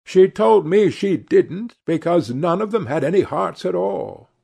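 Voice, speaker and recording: A man reading aloud and voicing a witty, cynical aristocratic gentleman with a dry, drawling delivery. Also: high-pitched, expressive, measured pace, creaky, slightly rough, pitched above the performer's own voice, exaggerated voice. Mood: amused.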